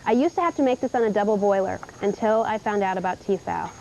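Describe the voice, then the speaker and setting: A woman's voice: mid-range voice, lively intonation, fast talker, mellow, a little hiss or hum. A young woman from Indiana hosting a live TV shopping show, chatty and upbeat as she demonstrates cookware. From Indiana, USA. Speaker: home shopping host. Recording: dull 1990s TV broadcast tape.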